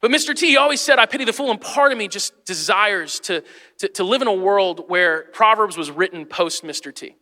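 High, bright-voiced pastor preaching. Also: male voice, moderate pace, big-room sound. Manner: lively, joking, talks straight to the congregation. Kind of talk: sermon.

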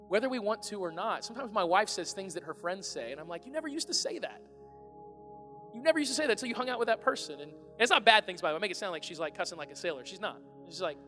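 Animated pastor with a bright, high voice. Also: male voice. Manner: animated and conversational, shouting at times. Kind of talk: sermon. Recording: echoey hall with faint music.

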